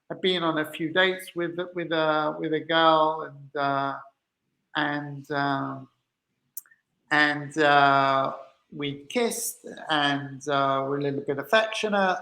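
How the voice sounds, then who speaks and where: A man talks candidly about his own experiences, hesitant and full of restarts. His voice is bright and forceful. The room around him rings with echo. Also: a little high. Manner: hesitant, restarts often, recounts dialogue. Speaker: co-host. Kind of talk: candid personal conversation.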